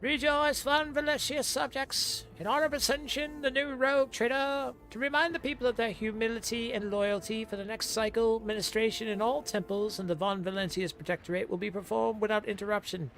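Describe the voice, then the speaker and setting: A solemn imperial herald. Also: male voice, extremely high pitch, steady tone, creaky, a bit bright, faint music behind, heavily acted. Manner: solemn, drawn-out declaiming. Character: male imperial herald, stern and ceremonious. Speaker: in-game herald. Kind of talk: formal proclamation.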